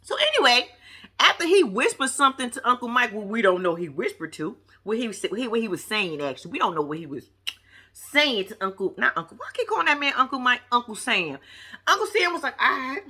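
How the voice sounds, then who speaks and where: A woman's voice: on the high side, fairly quick, breathy edge. A woman giving sassy, slangy casual commentary on a reality show, talking straight to the viewer. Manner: animated, sassy, slangy, talks to the screen. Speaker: vlogger reviewing a reality show.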